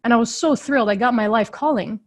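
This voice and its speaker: A woman in her thirties, a leadership coach, telling a personal story in an earnest, heartfelt way, speeding up and slowing down as she recounts it. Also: a little high, a little mellow. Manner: earnest, heartfelt, shifting tempo while recounting.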